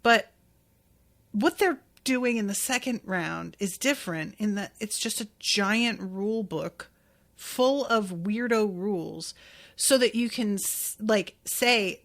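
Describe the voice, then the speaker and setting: A woman's voice: mid-range voice, slow pace, fairly bright tone. A woman hosting a podcast, recapping anime episodes in a chatty, casual way with fillers and some swearing. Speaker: podcast host.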